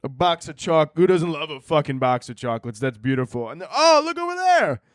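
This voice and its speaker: A man's voice: medium pitch, fairly quick, dry recording, clean studio sound. A young man hosting a podcast, rambling through a comic monologue, swearing often and laughing at his own jokes. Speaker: podcast host. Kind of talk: casual comedic monologue.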